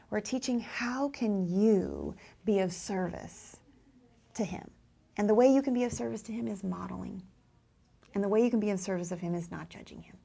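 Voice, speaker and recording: Animated woman teaching, slightly gravelly voice. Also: mid-range voice, normal speed. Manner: animated, acts out children's voices and teacher replies. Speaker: parenting and teaching educator. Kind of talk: instructional talk to parents and teachers.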